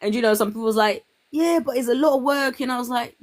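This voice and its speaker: A young woman with a fairly high voice talks in a casual, lively way. She tells her own stories and acts out the voices of the people in them. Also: very fast. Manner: animated storytelling, acts out quoted voices. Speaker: guest. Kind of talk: casual chat.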